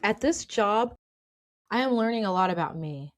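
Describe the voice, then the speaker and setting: A woman's voice: mid-range voice, expressive, moderate pace. A woman hosting a podcast, telling her own work stories in a chatty, emphatic way, often checking in with "okay?" and laughing. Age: adult with children. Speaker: podcast host. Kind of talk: casual storytelling monologue.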